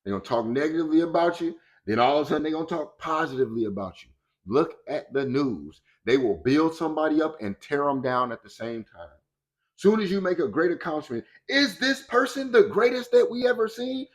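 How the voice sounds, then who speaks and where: Guy doing a motivational talk, slangy and preachy, slightly high voice, keeps acting out what people say. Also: lively intonation, a little fast. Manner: colloquial and preachy, acts out quoted voices. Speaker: motivational speaker.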